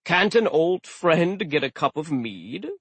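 A man's voice: fairly high pitch, sing-song, slow pace, fairly bright tone, husky, no echo, voice pushed up, heavily acted. A man voicing a cheerful, grandfatherly male sea god who talks in a breezy, jovial way.

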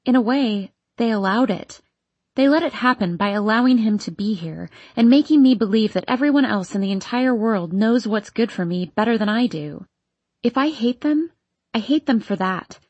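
A woman with a slightly husky voice narrates a first-person teen novel. She reads with emotional intensity. The recording is dry and close to the mic. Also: a little high, expressive, moderate pace, a little mellow, no room sound, muffled recording. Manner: emotional, intense, voicing an upset teenage girl. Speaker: audiobook narrator.

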